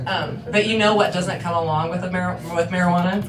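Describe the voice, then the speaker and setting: A woman presenting at a conference, joking and quick to laugh during the Q&A. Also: on the low side, fairly even intonation, crowd noise. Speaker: breakout session presenter. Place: conference room. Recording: echoey room with background noise.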